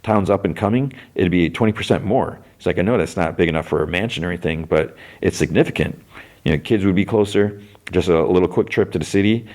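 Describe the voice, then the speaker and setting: A man hosting a podcast, casually retelling a TV episode scene by scene with lots of fillers and quick character voices. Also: low-pitched, darkish tone. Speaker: podcast host.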